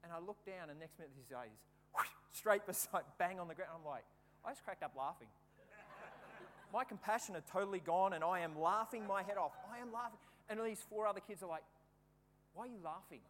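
A man preaches a sermon in a high, bright-pitched voice, acting out funny stories as he goes. His words ring out with a long reverb in a large hall, with a faint hum underneath. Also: a little fast. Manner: lively anecdotal storytelling, acting out the scenes. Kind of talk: sermon with humorous personal stories.

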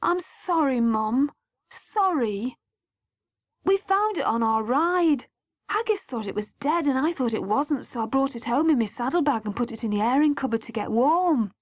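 A woman voicing an eager, defiant teenage boy in a storybook reading, pleading in a high, loud voice. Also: lively intonation, moderate pace, no room sound. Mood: pleading, indignant.

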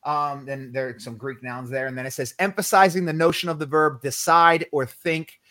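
Slangy preaching man, higher voice. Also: fairly even intonation, moderate pace, bright, forceful tone, no room sound, clean studio sound. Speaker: podcast co-host. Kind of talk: casual faith podcast teaching.

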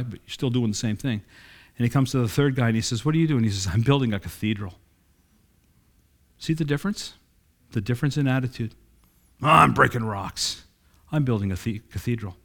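A middle-aged man preaching a sermon in a conversational way, reading scripture and acting out quoted dialogue. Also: mid-range voice.

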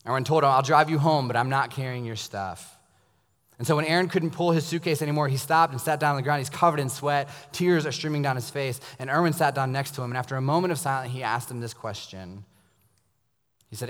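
Male pastor, sermon, mid-pitched voice, long hall reverb, storytelling delivery. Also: fairly quick. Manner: storytelling, dropping to a hushed intense tone for emphasis.

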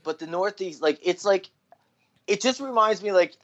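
A man's voice: high-pitched, lively intonation, normal speed, a bit bright. A man born in Philadelphia and raised in New Jersey, hosting a podcast with blunt, crude talk and heavy swearing. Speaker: podcast host. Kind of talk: casual podcast chat. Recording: slightly dull lo-fi sound.

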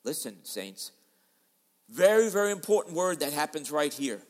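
A man preaching a sermon in a dramatic style, switching between loud and soft as he acts out quoted voices. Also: on the high side, very animated, normal speed, in a large hall. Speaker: pastor. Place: large church hall.

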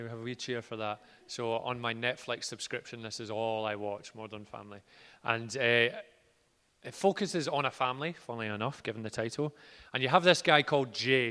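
Preacher in a reverberant hall. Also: male voice, mid-range voice, smooth. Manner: earnest, builds from quiet to loud. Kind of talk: sermon.

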